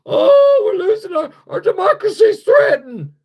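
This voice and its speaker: A man's voice: extremely high pitch, sing-song, measured pace, a little mellow, pitched above the performer's own voice, exaggerated voice. A man voicing a whiny, panicking politician in a mocking, exaggerated wail. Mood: mock panic.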